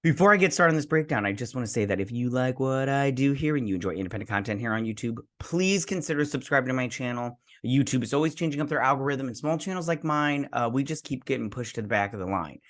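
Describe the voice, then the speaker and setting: This is an excited man in his thirties reviewing a TV episode for his own channel. His voice sits at an ordinary middle pitch. He rambles and keeps restarting his sentences, with "like" all through them. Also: fast talker, few pauses. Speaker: TV show reviewer. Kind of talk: casual spoiler review.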